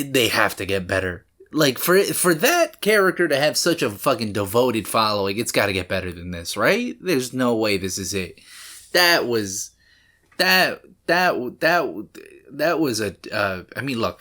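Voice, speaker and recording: A man's voice: mid-range voice, big pitch swings, a little slow, bright, forceful tone. A man hosting a movie reaction, rambling and joking as he talks back to the screen. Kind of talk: casual reaction commentary.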